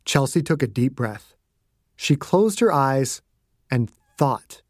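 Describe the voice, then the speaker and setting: A man narrating his own audiobook at a middle pitch. His storytelling is hushed and suspenseful. The sound is dry and close, with no room in it. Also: big pitch swings, slow pace, dry recording. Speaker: author and narrator.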